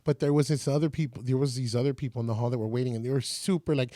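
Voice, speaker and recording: A man's voice: medium pitch, racing, few pauses, dark tone, no room sound, clean studio sound. A man in his forties from San Antonio, a radio personality telling stories as a podcast guest and acting out other people's lines. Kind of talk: casual storytelling.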